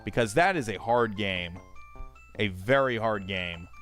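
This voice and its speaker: A man's voice: on the low side, a little slow, fairly bright tone, soft background music. A man streaming a game, chatting casually and swearing often as he reads chat aloud and rambles. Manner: profane, rambling, talks to chat.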